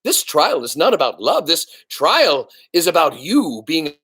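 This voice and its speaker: A man voicing a stern, pompous elder head mouse who hands down judgments slowly. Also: sing-song, fairly bright tone, slightly rough, heavily acted. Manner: slow, booming, pompous pronouncements.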